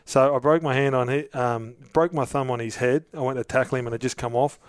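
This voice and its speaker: A man's voice: mid-range voice, fairly even intonation, brisk, clean tone, no room sound. A middle-aged Australian man, an interview guest, telling long casual anecdotes with lots of restarts. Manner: rambling anecdotes with many restarts. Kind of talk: casual storytelling.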